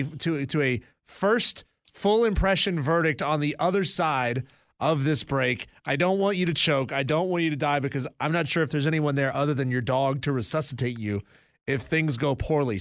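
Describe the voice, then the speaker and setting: A man co-hosting a live radio show keeps the segment moving with wry asides. His voice sits fairly high. The sound is dry and close, with no room around it. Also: lively intonation, moderate pace, fairly bright tone, dry recording. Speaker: radio co-host.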